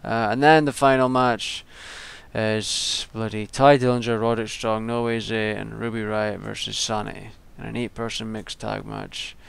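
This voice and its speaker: A young man who vlogs about wrestling rambles through casual solo commentary, restarting often and filling gaps with ums. His voice is lowish, creaky, clear and resonant, with little pitch movement and a normal pace.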